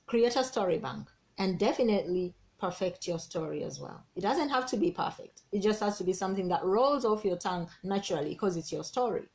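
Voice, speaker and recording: A woman, a business coach giving an energetic, persuasive team training talk and repeating key words. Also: medium pitch, brisk, creaky, few pauses.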